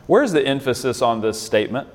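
A man's voice: medium pitch, big pitch swings, brisk, in a large hall. A man leading an interactive Bible lesson in a conversational way, often quizzing his listeners with questions. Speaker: Bible study leader.

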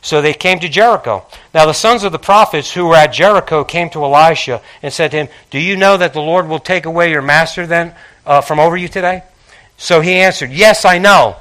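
A man's voice: on the high side, fairly quick, pushed and bright. A man preaching a sermon, calling out to his congregation and reading scripture with emphasis.

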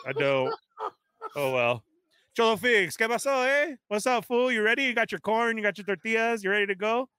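Male livestream host, high and punchy, dry close mic, shout-out energy. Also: smooth, no echo. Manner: energetic, reads viewer shout-outs rapid-fire. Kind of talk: casual live-stream chat.

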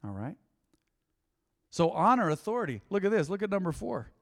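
A man with a high, very animated voice preaches a conversational sermon from the pulpit. He swings from loud bursts down to near-whispers. The sound rings with the long reverb of a church hall. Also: normal speed. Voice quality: lively, conversational preaching with sudden loud bursts and quiet drops. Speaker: pastor.

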